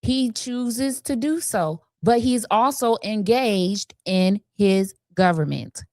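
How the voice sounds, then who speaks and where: A woman hosts a livestream and gives her blunt, conversational take on what she just showed. Her voice sits at an ordinary pitch and sounds close and dry, with no room around it. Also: animated, slow pace, warm tone, dry recording. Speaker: livestream host. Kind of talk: casual commentary.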